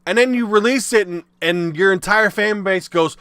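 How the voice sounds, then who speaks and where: A man ranting profanely about video games, exasperated and bursting into shouts. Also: sits high, moderate pace, clear, resonant tone, no echo. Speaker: video game commentator. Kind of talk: ranting commentary.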